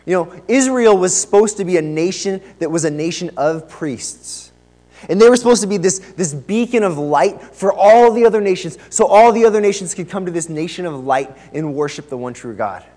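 A man preaching a sermon in a church, with conversational and lively emphasis. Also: high voice, moderate pace, in a large hall. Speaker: pastor. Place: church sanctuary.

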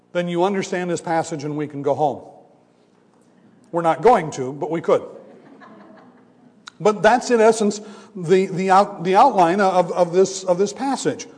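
High-voiced man preaching in a reverberant hall. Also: darkish tone. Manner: teaching, emphatic contrasts, slows to stress points. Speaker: pastor. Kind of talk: sermon. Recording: long reverb of a large hall.

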